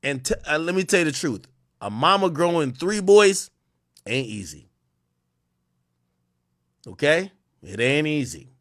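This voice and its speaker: A young man ranting on a livestream, animated and profane, with frequent restarts. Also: fairly high pitch, unhurried, long pauses, no room sound, clean studio sound. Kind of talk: casual livestream rant.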